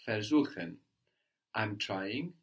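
Guy teaching a language, patient, keeps asking then repeating the answers slow. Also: lowish voice, animated. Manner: patient, prompting questions, repeats answers slowly. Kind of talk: guided language lesson.

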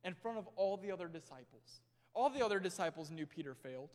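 A young male pastor preaching a sermon in a church, swinging between loud and hushed delivery. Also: high voice, expressive, quick pace. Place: church sanctuary. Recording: long hall reverb.

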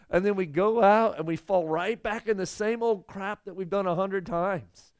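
A young male pastor preaching a sermon in an earnest, conversational way, rising loud on emotional points. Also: sits high, normal speed, hardly any pauses, clean tone.

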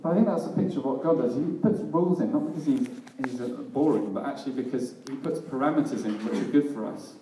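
A man's voice: medium pitch, quick pace, hardly any pauses, mellow, slight background noise. A man preaching a sermon in a casual, self-deprecating way, often laughing at himself. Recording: echoey hall, mic at a distance.

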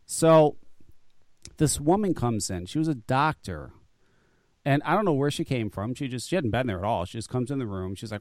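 A man's voice: medium pitch, big pitch swings, a little fast, a little mellow, dry recording, clean studio sound. A man telling a long, profane story in casual chat, full of restarts and stammered repeats. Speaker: guest.

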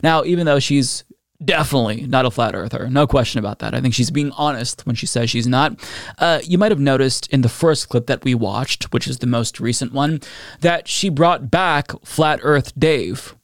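A man's voice: medium pitch, normal speed, dry recording, clean studio sound. A man hosting a political commentary show, speaking in a sarcastic way.

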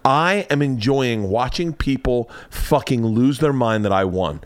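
Animated, swearing man telling stories. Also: mid-range voice, unhurried, dry recording. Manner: animated, boastful, profane storyteller. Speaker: podcast host. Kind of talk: casual storytelling chat.

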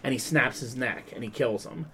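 A man hosting a podcast, retelling a story in a rambling, animated way, with lots of "like" and "um". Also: mid-range voice, normal speed, a little hiss or hum. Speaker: podcast host. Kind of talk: casual podcast chat.

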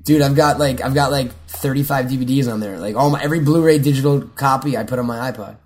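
A man's voice: medium pitch, fast talker, a little mellow. A young man in casual chat, rambling and swearing freely as he jumps between stories and quotes. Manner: rambling, swears often, quotes movie lines.

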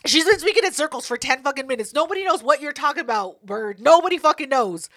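Woman, high voice, bright tone, casual podcast chat, profane, animated storyteller. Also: quick pace. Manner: swears freely, laughs often, tells stories animatedly. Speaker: podcast co-host.

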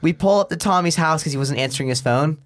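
A man's voice: fairly high pitch, quick pace. Young man telling a rowdy story. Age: young adult. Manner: rambling, profane, acts out the people in his story. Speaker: podcast guest. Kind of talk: casual storytelling.

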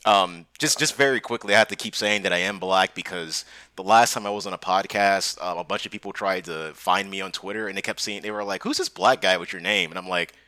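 A man chatting casually on a podcast, telling animated stories with laughs and quoted voices. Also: sits low, a little fast, hardly any pauses, no room sound. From Southern California. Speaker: podcast guest or co-host.

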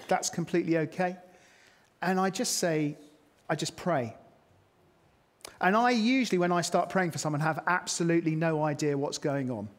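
A man preaching a sermon to his congregation, chatty, with self-mocking asides. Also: on the high side. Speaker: pastor. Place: church hall. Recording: long reverb of a church hall.

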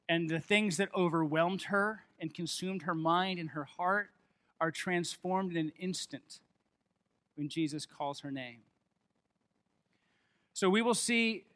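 Guy preaching a sermon, high pitched and kinda sharp, gets loud and emphatic. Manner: animated, building to loud emphatic stretches. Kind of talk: sermon with scripture reading.

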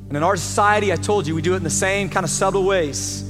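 Male pastor, high-pitched, fervent sermon delivery with loud-to-hushed swings, recorded in a reverberant church hall. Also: quick pace, music in the background. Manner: fervent preaching, swings between loud emphasis and hushed asides.

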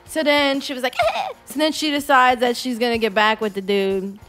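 A woman's voice: a little high, steady tone, normal speed, a bit bright, faint music behind. A woman casually retelling a movie plot, profane and sarcastic, slipping into exaggerated character voices. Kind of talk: casual comedic movie recap.

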